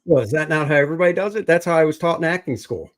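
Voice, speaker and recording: Jokey livestream host, man, fairly high voice, plugs and lists items briskly. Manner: joking, upbeat, lists items and plugs channels. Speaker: comic artist and show host. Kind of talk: casual livestream chat and sales pitch.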